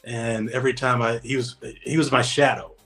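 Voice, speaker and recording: A man's voice: mid-range voice, level tone, normal speed, fairly bright tone, faint music behind, low-quality recording. A man guesting on an interview podcast, telling his stories in an easygoing, anecdotal way and acting out the dialogue. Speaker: guest, former Navy special operator. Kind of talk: casual interview storytelling.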